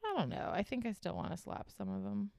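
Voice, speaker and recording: A young woman co-hosting a podcast, chatting casually about a TV show, playful and jokey and quick to laugh. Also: medium pitch, animated, vocal fry, a little mellow, no room sound, clean studio sound. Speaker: podcast co-host. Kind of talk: casual chat reviewing a TV show.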